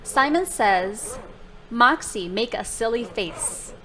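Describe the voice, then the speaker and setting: A woman demonstrating a product live, giving slow, deliberate commands. Her voice sits a little high and moves at a very unhurried pace. Faint noise runs underneath. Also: expressive, bright, forceful tone.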